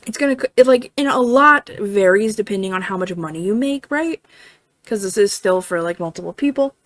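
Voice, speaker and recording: A woman's voice: mid-range voice, lively intonation, fairly quick, no room sound. A woman giving a casual tarot reading in a chatty way, full of fillers, often checking in with "right?" and swearing now and then. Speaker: tarot reader.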